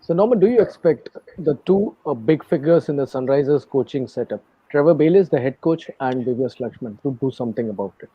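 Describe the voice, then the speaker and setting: Fast husky host on a muffled line. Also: male voice, medium pitch, lively intonation. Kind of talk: post-match analysis panel. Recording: muffled lo-fi audio.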